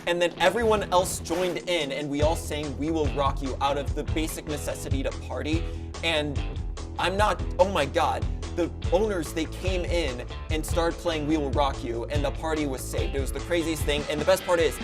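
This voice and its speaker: A young man telling a comic story as a game-show panelist, animated and jokey. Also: a little high, moderate pace, music in the background. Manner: animated, jokey, with quoted voices. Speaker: panelist telling a tall tale. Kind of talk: comedic storytelling.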